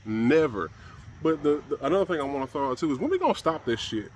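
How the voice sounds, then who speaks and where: A man's voice: a little high, big pitch swings, fast, a little hiss or hum. A man giving a blunt, profane and exasperated solo commentary on camera.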